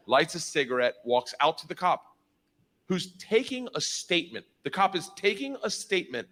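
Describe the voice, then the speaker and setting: A male stand-up comedian who tells his story loudly and with animation, sometimes bursting into shouts. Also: on the high side, animated, fairly quick.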